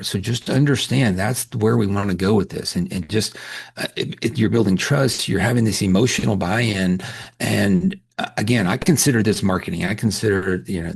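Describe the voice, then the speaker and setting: Guy dentist teaching a webinar, low gravelly voice, kinda husky, chatty with lots of restarts. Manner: storytelling, candid, with frequent restarts. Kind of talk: conversational webinar lecture.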